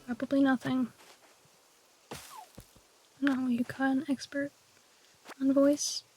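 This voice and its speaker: A high-voiced woman whispers raspy, low-key chatter while streaming a game, in a fairly level tone. Her playful, mock-grand musings stay hushed throughout. Soft guitar music plays faintly behind her. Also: flat delivery, slow. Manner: whispering softly. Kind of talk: casual gameplay chat.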